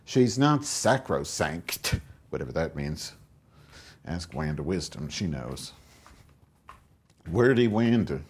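A man's voice: deep voice, slow pace, long pauses. A man hosting his own show, rambling through crude comic stories and acting out both sides of conversations. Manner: crude, rambling, acts out quotes in raised voice. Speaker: podcast host.

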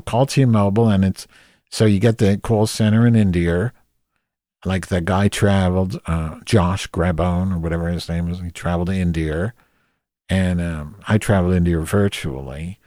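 A man's voice: deep voice, normal speed, a little mellow, no echo, clean studio sound. A man telling a comic story as a rant, profane and exasperated. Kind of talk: comedic rant monologue.

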